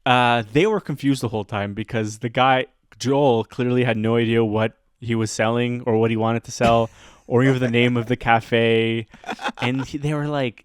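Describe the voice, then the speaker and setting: Animated man telling a story, dry sound. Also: medium pitch, moderate pace, clear, resonant tone, no room sound. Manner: animated, laughs often, acts out quoted voices. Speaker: podcast host; teacher. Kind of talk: casual storytelling chat.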